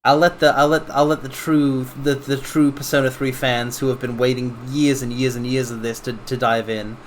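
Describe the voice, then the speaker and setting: A man streaming a video game, rambling casually and breaking into quick exclamations. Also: mid-range voice, level tone, a little hiss or hum. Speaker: livestreamer playing a video game. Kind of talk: casual gameplay commentary.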